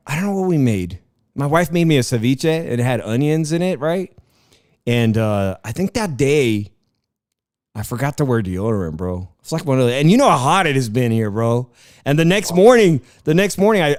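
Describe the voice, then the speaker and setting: A middle-aged man hosting a casual sports chat, telling animated stories and laughing often. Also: mid-range voice, smooth. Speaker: sports show host.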